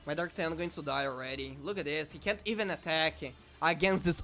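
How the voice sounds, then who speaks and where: Excitable man commenting on his game. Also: fairly high pitch, a little fast, few pauses, soft background music. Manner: excitable, swings from muttering to shouting. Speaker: gaming YouTuber. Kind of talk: casual gameplay commentary.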